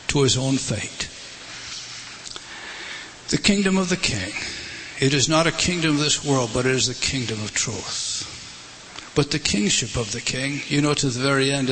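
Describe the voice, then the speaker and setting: A man preaching a sermon, impassioned, swelling to loud emphasis and dropping low again. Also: slight background noise. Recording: large hall reverb, faint ambience.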